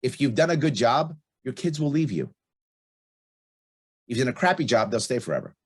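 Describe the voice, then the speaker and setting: A man's voice: medium pitch, big pitch swings, fairly quick, breathy edge. A middle-aged man speaking as a guest in a casual podcast interview, blunt and emphatic, repeating his key points. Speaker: podcast guest, libertarian candidate.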